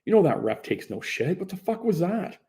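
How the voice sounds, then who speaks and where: A brash goalie teammate talks loud and crude, as a man puts him on in an audiobook. The voice is gravelly and dark. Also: high voice, sing-song, moderate pace, pitched above the performer's own voice.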